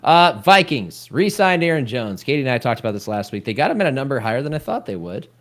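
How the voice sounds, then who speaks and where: Animated man co-hosting a sports podcast. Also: mid-range voice. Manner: animated, teasing, quick banter. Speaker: podcast co-host. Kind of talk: casual sports chat.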